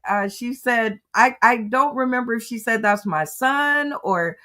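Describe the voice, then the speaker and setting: Bright, upbeat woman radio host. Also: fairly high pitch, a little slow. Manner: upbeat, hyping up guests. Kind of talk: hosting a live comedy show.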